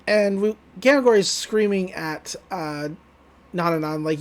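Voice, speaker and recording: A man with a fairly high voice talks through an anime episode in an easygoing, chatty podcast recap. He jokes, swears casually and laughs as he goes. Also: a little slow. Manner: loose, joking retelling with laughs and swearing. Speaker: podcast co-host.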